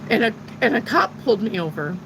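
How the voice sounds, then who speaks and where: A woman's voice: fairly high pitch, animated, quick pace, gravelly, background noise. A middle-aged woman who reads tarot, telling a personal story in a casual, rambling way and swearing freely. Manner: frank and profane, rambling retelling. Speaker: tarot reader.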